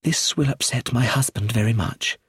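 Man reading as a quiet composed woman. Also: medium pitch, slightly rough, no echo, clean studio sound. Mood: quiet, calm. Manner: calm, measured.

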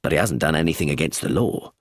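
A man reading a storybook, voicing a calm male police inspector who explains things in a measured, matter-of-fact way. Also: rumbling low, no room sound, studio quality, pitched below the performer's own voice, heavily acted.

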